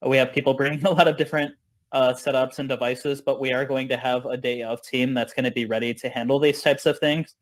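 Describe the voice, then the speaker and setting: A man's voice: mid-range voice, fairly even intonation, brisk. A man organizing a protest, giving a casual briefing on a video call, with many fillers. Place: home on a busy street.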